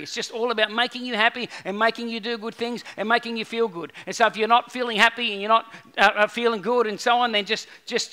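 A man delivers a sermon from the pulpit, building his points through repetition and voicing the people he quotes. His voice sits high and sounds sharply bright. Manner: animated preaching with repeated phrases and acted-out quotes. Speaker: pastor.

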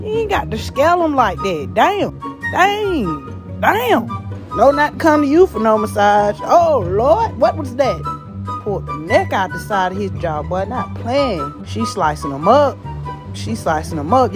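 A woman talks over a clip in a comic reaction voice-over, full of cursing, exclamations and teasing. Her pitch swoops up and down in a lively way. Faint music sits underneath her voice. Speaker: reaction commentator.

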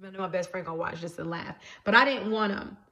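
A woman's voice: lowish voice, fast, bright, forceful tone. A woman prophetess giving a personal religious testimony to her viewers, speaking earnestly, repeating herself, and often checking that they follow.

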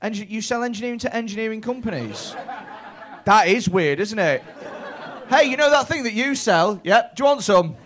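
A man in his thirties working the crowd on a comedy club stage. His voice sits high for a man and swings all over, and he talks in quick, sweary bursts full of stammered restarts. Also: animated, a bit bright. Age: 30s. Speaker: stand-up comedian doing crowd work. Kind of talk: stand-up crowd work.

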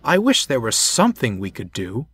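A man's voice: medium pitch, huge pitch swings, normal speed, fairly bright tone, husky, no room sound, studio quality, full character voice. A man doing a proud steam engine. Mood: earnest.

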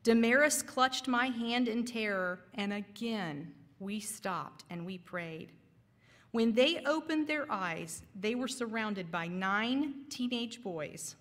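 A woman teaching a Sabbath School lesson, telling a story and preaching with earnest, dramatic pauses in a church. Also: on the high side, animated, fairly bright tone, in a large hall. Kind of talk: storytelling sermon. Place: church hall.

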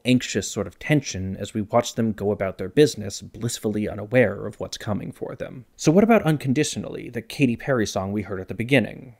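A man narrating a scripted explainer about songwriting in a clear, measured way with light emphasis. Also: on the low side, darkish tone. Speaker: music video essayist.

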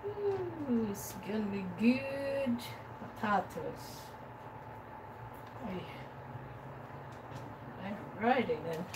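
A woman's voice: a little high, big pitch swings, very slow, pauses often. A woman from the Philippines hosting a casual cooking livestream from her home kitchen, greeting viewers by name and humming while she works. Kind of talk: casual live-stream chat. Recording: distant mic with background noise.

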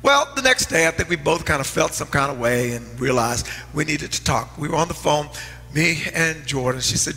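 A middle-aged man, a pastor preaching a sermon and telling stories, swinging from loud outbursts to hushed asides. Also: a little high, lively intonation, normal speed. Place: church sanctuary. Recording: long hall reverb, faint music.

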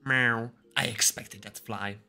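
A man's voice: on the low side, steady tone, measured pace, sharp tone, soft background music. A young man streaming a game, chatting casually with crude jokes and frequent laughter. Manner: joking, crude, laughs often. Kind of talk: casual gaming stream chat.

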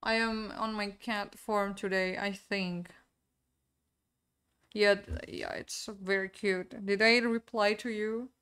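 Woman, streamer, casual gaming chat, giggly, unhurried. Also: medium pitch, little pitch movement, fairly bright tone, clean tone. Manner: giggly, chatty, reads game text aloud.

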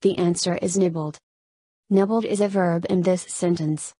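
A woman teacher narrating a scripted lesson, reading slowly and carefully and addressing her students. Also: fairly low pitch, steady tone, warm tone, husky, dry recording.

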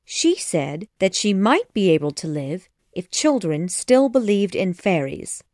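A woman narrating a children's classic audiobook in a measured, expressive storytelling manner. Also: mid-range voice, dry recording, studio quality.

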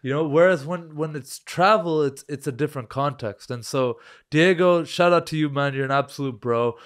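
Young man, podcast host, slangy lively storytelling, slightly high voice. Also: normal speed. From Canada. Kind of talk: casual chat.

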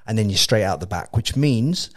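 A man from England with an English accent, hosting a casual chat and telling an animated, laugh-filled story with lots of swearing and restarts. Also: on the low side, moderate pace. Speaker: podcast host.

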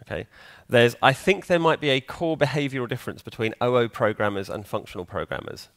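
A man speaking from a conference stage in a loose, chatty way, tossing questions out to the crowd and answering them himself. His voice sits at an everyday middle pitch. The sound is dry and close, with almost no room echo. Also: fairly quick, fairly bright tone. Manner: conversational, quizzes the audience. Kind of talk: conference talk. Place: conference hall.

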